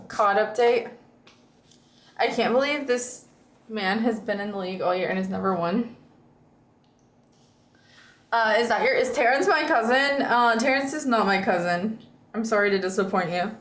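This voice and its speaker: A woman's voice: a little high, normal speed, fairly bright tone, echoey room, a little hiss or hum. A woman streamer in casual chat with viewers, rambling and reading chat aloud.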